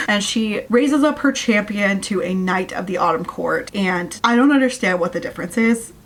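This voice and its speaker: A woman's voice: medium pitch, lively intonation, moderate pace, slight background noise. A woman hosting her channel, giving a casual, sarcastic rant review of a novel and sounding exasperated at the plot. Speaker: book reviewer.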